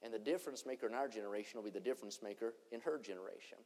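A man preaching a revival sermon, swinging between shouted lines and hushed ones. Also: on the low side, very fast. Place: church conference hall. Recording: long church hall reverb.

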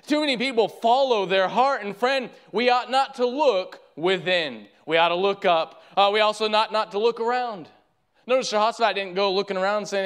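A man's voice: high-pitched, moderate pace, fairly bright tone, clean tone. A man preaching a sermon as pastor, fervent and repetitive, calling his listeners friend.

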